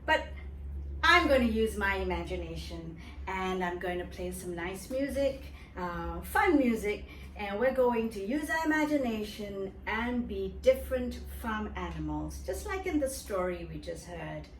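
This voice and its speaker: A woman teaching a children's drama lesson in an animated, sing-song way, making animal noises for the kids to copy. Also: medium pitch, unhurried, a little hiss or hum. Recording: echoey room, mic at a distance.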